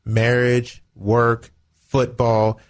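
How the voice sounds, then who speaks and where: His words are drawn out in a completely flat, smooth, mid-range voice. This radio talk show co-host, a former football player, preaches earnestly about faith, family and leadership and acts out little quoted exchanges.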